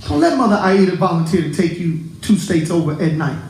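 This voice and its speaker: A pastor preaching a sermon to his congregation, animated and joking with them. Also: high voice, brisk, reverberant, a little hiss or hum, rough recording. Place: church.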